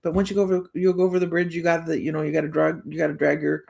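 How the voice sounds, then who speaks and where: A woman hosting a live stream in a loose, casual way, joking and breaking into laughter again and again. Her voice has a gravelly fry to it. She trails into restarts as she chats along. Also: low voice, level tone, racing, darkish tone. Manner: joking, giggly, laughs often between lines; chatty, with frequent restarts.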